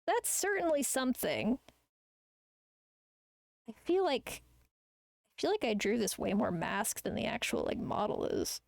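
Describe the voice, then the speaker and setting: A woman's voice: on the high side, big pitch swings, moderate pace, gravelly, few pauses, dry recording. A woman chatting casually while she draws on a live art stream, rambling and ranting with plenty of swearing. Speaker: artist streamer.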